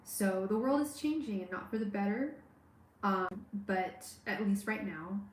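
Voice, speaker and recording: A woman's voice: mid-range voice, a little hiss or hum. Hesitant woman tarot reader, echoey room. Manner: halting, many restarts and fillers; warm, personal, talks straight to the viewer. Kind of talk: live-stream tarot reading.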